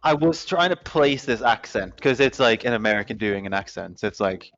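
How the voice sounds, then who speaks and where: A man's voice: on the low side, a little fast, gravelly, fairly bright tone, slight background noise. A man chatting casually at a tabletop game, swearing freely and amused, in muffled online-call audio. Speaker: player.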